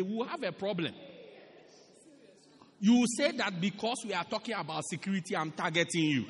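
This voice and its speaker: High-pitched, animated preaching man. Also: fairly quick, a crowd in the background. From South Africa. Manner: animated, repetitive, laughing at his own jokes. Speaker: pastor. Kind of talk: sermon. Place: large church hall. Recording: long echoing church hall reverb.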